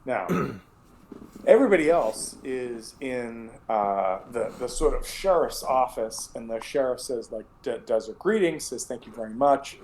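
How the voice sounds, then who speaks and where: A man's voice: mid-range voice, expressive, a little slow, creaky, darkish tone, a little hiss or hum, low-quality recording. A man narrating as game master of a tabletop game, casual and profane, rambling with restarts.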